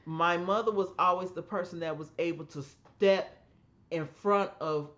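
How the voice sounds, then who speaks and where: A woman co-hosting a podcast, telling family stories in an emphatic, animated way and acting out the voices she quotes. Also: fairly low pitch, measured pace, lo-fi sound. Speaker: podcast co-host. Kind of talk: casual storytelling chat.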